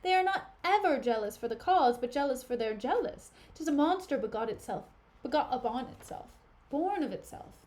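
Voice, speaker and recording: Emilia, a blunt and worldly lady's maid, read by a woman. The voice is plain and a little high, with matter-of-fact phrasing. It sounds like an easygoing reading on a live stream. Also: expressive, moderate pace, a little mellow. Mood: wry.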